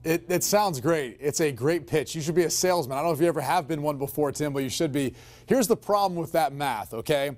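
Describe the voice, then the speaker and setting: A man's voice: on the high side, a little fast. A man as a sports analyst in a studio debate, wry and teasing before making a reasoned counterpoint.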